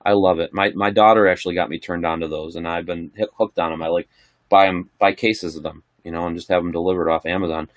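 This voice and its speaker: Speaking fast in a deep, steady voice, a middle-aged livestreamer rambles easygoingly through viewers' questions in a casual live chat. The audio is studio quality with no room sound.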